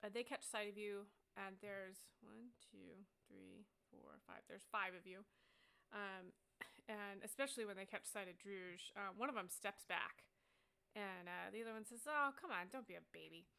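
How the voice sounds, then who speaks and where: A woman runs a tabletop game, describing scenes with plenty of fillers. Her voice is bright and forceful, with a gravelly fry underneath. Her pitch sits in a middle range. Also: measured pace. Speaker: game master.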